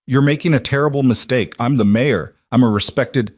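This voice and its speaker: A man voicing a corrupt male mayor who rushes his words as panic rises, in a dry recording. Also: mid-range voice, animated, dark tone, dry recording, lightly acted. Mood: panicked.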